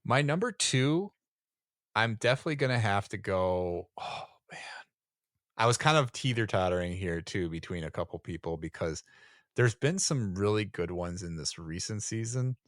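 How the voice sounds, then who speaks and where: A man's voice: on the low side, expressive, normal speed, a bit bright, no echo, clean studio sound. A man co-hosting a podcast in casual chat, laid-back and rambling, often chuckling. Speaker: podcast co-host.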